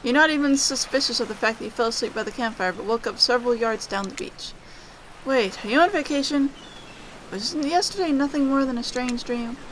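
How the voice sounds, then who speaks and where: A woman's voice: fairly high pitch, fairly quick, fairly bright tone, a little hiss or hum, low-quality recording. Playful woman streamer reading game text.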